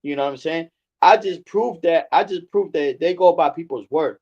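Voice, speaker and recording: A man's voice: fairly high pitch, normal speed, a little mellow, highs cut off. A man on a video call telling his side of a dispute in casual chat. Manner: retells a dispute with "I'm like" quotes. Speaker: panel guest.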